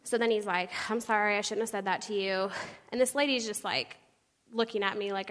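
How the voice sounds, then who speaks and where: A young woman giving a personal testimony to a church congregation, animated and storytelling, acting out the people she quotes. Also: medium pitch, a little fast. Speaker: church speaker sharing her testimony. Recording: long hall reverb.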